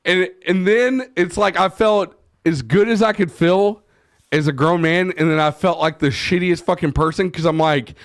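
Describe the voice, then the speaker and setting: A man, telling stories in a casual podcast chat and swearing freely as he acts out loud quotes. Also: sits high, steady tone, normal speed, no room sound, studio quality. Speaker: podcast host.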